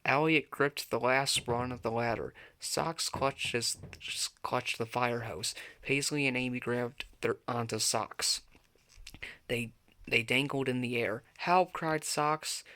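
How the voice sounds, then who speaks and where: A man reading a children's picture book aloud, lifting his voice for the characters' shouts. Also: slow. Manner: lively read-aloud, pitching up for characters' shouts. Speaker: storybook reader.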